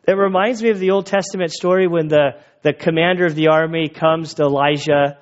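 A man preaching a sermon in a conversational, animated way, retelling the story and acting out the voices of its people. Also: fairly high pitch, a little fast, hardly any pauses, dull audio. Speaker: pastor.

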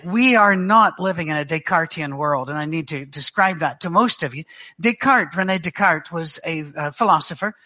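Middle-aged Glaswegian preacher, bright ringing tone, dry wit, stop-start delivery. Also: male voice, sits high. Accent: Glaswegian Scottish. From Scotland. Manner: dry joking storyteller with halting restarts. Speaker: guest preacher. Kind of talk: sermon. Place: church.

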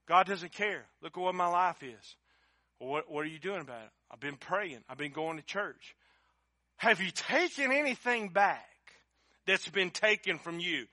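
Male pastor, middle-aged, high bright voice, fervent sermon delivery, dry recording. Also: expressive, normal speed, dry recording. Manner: impassioned, swells to shouting.

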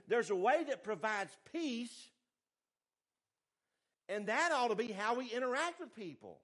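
A male pastor, preaching a sermon with animated swings between loud emphasis and quiet asides. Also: normal speed. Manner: animated preaching, pitch and volume rising and falling widely.

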